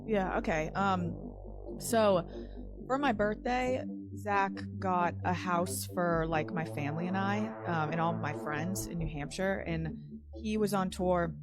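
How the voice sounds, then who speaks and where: A woman's voice: on the low side, measured pace, over music. A young woman telling a personal story in casual talk, rambling with lots of "like" and swearing. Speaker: podcast guest.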